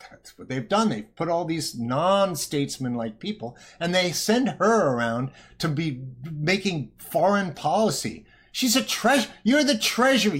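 A man giving a heated, emphatic, repetitive ranting monologue as a commentator. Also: fairly high pitch.

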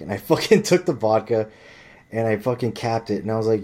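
A man's voice: lowish voice, brisk, darkish tone. A man telling a story in a ranting vlog monologue, blunt and profane, often rambling and restarting his sentences. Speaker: vlogger.

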